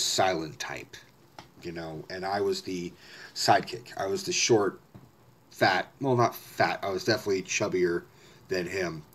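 A man telling a personal story in a casual, rambling way, often correcting himself and swearing. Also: fairly low pitch.

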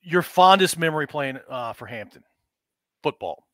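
A man hosting a podcast, asking short, relaxed questions in a casual chat. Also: fairly high pitch, normal speed, dry recording, studio quality. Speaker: podcast host.

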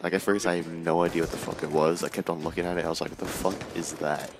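A man's voice: sits low, level tone, quick pace, noisy background. A young man giving casual gameplay commentary, rambling with lots of fillers and swearing. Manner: rambling, filler-heavy and profane. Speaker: gaming channel host.

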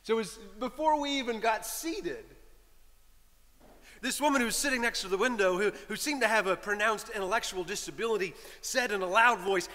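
A man's voice: high voice, brisk, bright, forceful tone, long reverb tail. A man preaching a sermon as a priest, telling a story with repeated phrases and asides to the congregation. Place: church.

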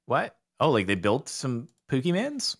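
A man's voice: medium pitch, unhurried, slightly rough. A man talking through a multiplayer strategy game with a friend, dry and sarcastic. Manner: relaxed, dry sarcastic banter. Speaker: gaming co-host. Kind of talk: casual gaming chat.

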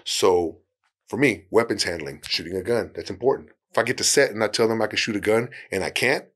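Man, very deep voice, podcast guest, casual advice, easygoing, laughs a lot. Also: fairly bright tone, husky. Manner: easygoing, laughs often, acts out quick dialogues.

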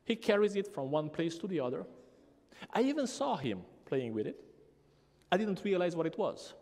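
A man's voice: high-pitched, very animated, moderate pace, a little mellow. A man preaching a sermon as pastor, telling a story animatedly and acting out the voices of a child and his mother. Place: church sanctuary. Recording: long church reverb.

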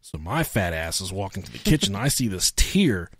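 A man's voice: sits low, moderate pace, slightly rough, dry recording, clean studio sound. A man co-hosting a podcast, telling crude stories in casual chat and acting out the voices of the people in them. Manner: profane, animated storyteller acting out voices. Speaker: podcast co-host.

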